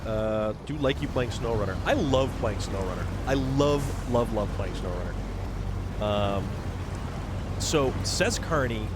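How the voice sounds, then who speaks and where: A man hosting a casual gameplay livestream, rambling and repeating words as he chats with viewers. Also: medium pitch. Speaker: livestream gamer host. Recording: game vehicle noise behind voice.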